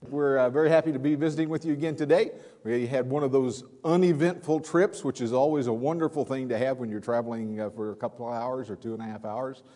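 A man in his sixties, a visiting preacher with a weak voice, giving a folksy sermon with many filler pauses. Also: medium pitch, fairly even intonation, dark tone. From California. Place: church hall. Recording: long hall reverb.

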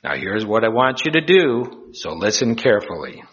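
A man voicing God as a calm, unhurried male voice. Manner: slow, calm and deep. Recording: dull lo-fi recording.

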